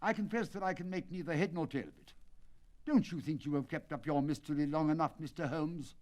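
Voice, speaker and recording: A man's voice: a little high, fairly quick, darkish tone, lightly acted. Man voicing an indignant agitated colonel. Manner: agitated, raised indignant outbursts. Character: excitable indignant male horse-owning colonel. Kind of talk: dramatic audiobook reading.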